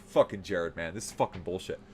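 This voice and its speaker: A man's voice: low-pitched, normal speed, darkish tone, a little hiss or hum, pitched below the performer's own voice, lightly acted. A man voicing a fourteen-year-old boy who grumbles, sighs and curses in annoyance. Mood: grumbling. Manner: grumbling, sighing, cursing.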